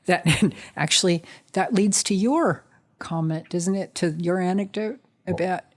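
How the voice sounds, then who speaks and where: Woman telling anecdotes, slightly low voice. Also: measured pace. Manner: animated, recounting anecdotes. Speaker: guest. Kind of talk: casual storytelling.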